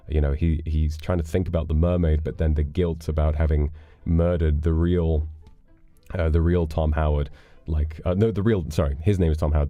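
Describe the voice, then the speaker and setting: A man's voice: very deep voice, dark tone, dry recording. A man streaming live, rambling casually as he reads donations and chats, with casual swearing. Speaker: livestreamer.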